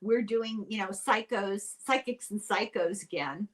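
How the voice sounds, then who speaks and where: An older woman from Ireland, hosting a casual podcast chat, animated and quick to laugh. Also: medium pitch. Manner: chatty and animated, laughs often. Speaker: podcast host.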